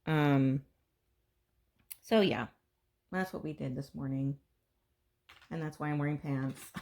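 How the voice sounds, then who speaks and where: A woman's voice: a bass voice, creaky, darkish tone. A middle-aged woman from Texas hosting a crafting video, telling family stories in a chatty way and acting out what everyone said. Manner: chatty storyteller, acts out family dialogue with raised voice. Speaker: crafting channel host. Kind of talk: casual chat while crafting. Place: home.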